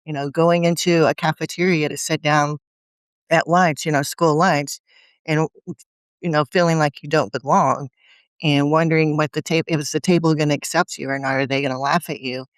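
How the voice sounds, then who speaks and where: Woman on a podcast, smooth resonant voice, no room sound, acts out her inner thoughts. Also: low voice, steady tone, moderate pace, no echo. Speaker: guest speaker. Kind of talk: conversational interview.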